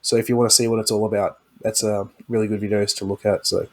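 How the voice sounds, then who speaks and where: A man's voice: on the low side, level tone, fast talker. A man co-hosting a podcast, talking in an easygoing way with many likes and ums. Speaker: podcast co-host. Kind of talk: casual chat.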